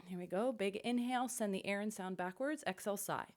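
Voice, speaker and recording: A middle-aged woman vocal coach leading a warm-up lesson with upbeat, encouraging instructions. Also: medium pitch, brisk.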